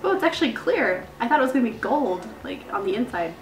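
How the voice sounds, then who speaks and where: A young woman vlogger chatting casually as she unboxes beauty gifts, gushing and excited. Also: on the high side, fast talker. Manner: bubbly, gushing, lots of "like" and "so cool". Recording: echoey room with faint music.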